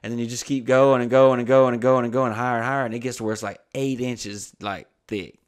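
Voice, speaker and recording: A man's voice: mid-range voice, steady tone, a little fast, clear, resonant tone. A young adult man hosting a podcast, telling rambling, profane anecdotes in casual chat and acting out the dialogue. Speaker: podcast host.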